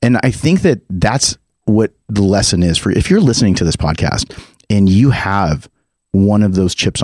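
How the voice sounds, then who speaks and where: A man's voice: deep voice, mellow, slightly rough, no room sound, clean studio sound. A man hosting a podcast, asking questions in an earnest, reflective, motivational way. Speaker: podcast host. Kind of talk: casual podcast interview.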